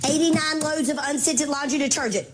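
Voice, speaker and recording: Chatty high-voiced woman selling live. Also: brisk. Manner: chatty, calls viewers baby girl and mama. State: losing her voice. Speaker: live-stream seller. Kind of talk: casual live-stream sales chat.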